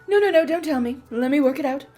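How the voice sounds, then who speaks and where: A woman's voice: sits high, expressive, quick pace, mellow, pitched above the performer's own voice. A woman voicing an eccentric, chatty male army mechanist who rambles to himself in a fussy, self-assured way. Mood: rambling.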